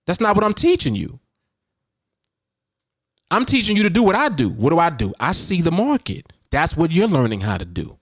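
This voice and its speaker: A man's voice: fairly high pitch, huge pitch swings, normal speed, long pauses, dry recording, clean studio sound. A man hosting a podcast, coaching his listeners in a casual, emphatic and repetitive way. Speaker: podcast host and trading coach. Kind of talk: casual motivational talk.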